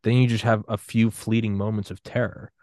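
A man in his thirties talking casually on a podcast, acting out quotes in an animated way. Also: lowish voice, fairly quick, no room sound, studio quality. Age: 30s. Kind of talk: casual conversation.

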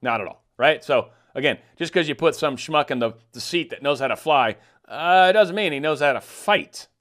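A man's voice: fairly high pitch, lively intonation, normal speed, a bit bright. A man giving casual, sarcastic political commentary, ranting and mocking.

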